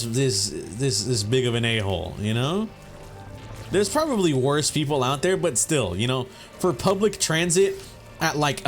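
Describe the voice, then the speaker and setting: Animated young man telling a profane story. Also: fairly high pitch. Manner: rambling, profane, says bro and you know a lot. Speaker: gaming channel host. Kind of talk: casual storytelling over gameplay.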